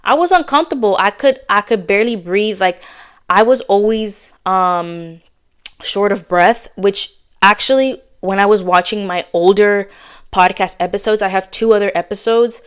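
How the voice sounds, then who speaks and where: A woman talks on her own podcast in a quick, candid, slangy way. She sounds slightly out of breath as she rushes along. Her voice is smooth and clear, pitched in an ordinary middle range. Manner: fast, chatty and blunt, with casual slang. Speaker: podcast host. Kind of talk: candid casual chat.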